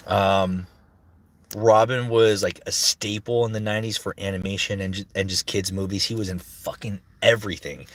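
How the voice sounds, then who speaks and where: This is a thirties-aged voice actor on a livestream, speaking in a low voice with a slightly bright tone. His chat is casual and rambling, peppered with swearing and pauses as he hunts for the right words.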